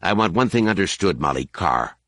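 A man's voice: low voice, big pitch swings, a little fast, fairly bright tone, no echo, clean studio sound. A man reading an audiobook, voicing a tired, towering alien commander who lectures sternly. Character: weary towering male alien war commander.

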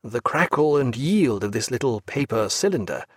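A man's voice: mid-range voice, very animated, normal speed, husky, dry recording. A reserved, wry ship's doctor, as a man reads him aloud. He speaks courteously and without hurry. The sound is close and dry.

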